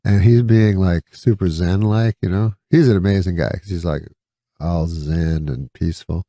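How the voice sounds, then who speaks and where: Deep, gravelly deadpan storyteller man. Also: moderate pace, no echo. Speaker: guest comedian. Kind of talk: casual anecdote in an interview.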